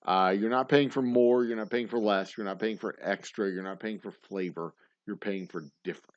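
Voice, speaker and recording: A tipsy man, hosting a casual livestream and rambling fast. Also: lowish voice, steady tone, no echo, muffled recording. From Texas. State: tipsy, slurring. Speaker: livestream host.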